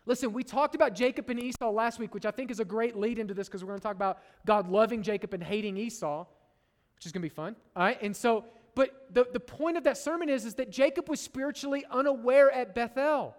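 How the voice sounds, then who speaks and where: A man's voice: extremely high pitch, fast talker. A middle-aged man preaching a sermon to his church, conversational and joking, tagging lines with "right?". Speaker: pastor. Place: church sanctuary. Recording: long reverb of a large hall.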